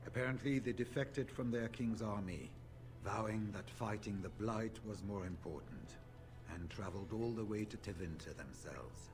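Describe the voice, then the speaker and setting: A man's voice: over music, lightly acted. A man playing a grave veteran warrior. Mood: storytelling. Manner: measured, solemn, low and confiding. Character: weathered older male warrior veteran, grave. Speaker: game character.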